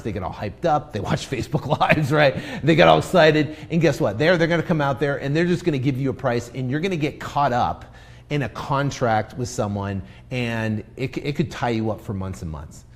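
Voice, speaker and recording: A man teaching real estate investing in a live stream, acting out sales lines to a seller, with many fillers and restarts. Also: medium pitch. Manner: energetic, role-plays sales scripts to a seller.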